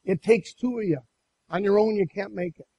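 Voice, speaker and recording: A man preaching a sermon and telling a personal story in an animated way, with many restarts. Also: sits high, moderate pace, husky, low-quality recording. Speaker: pastor.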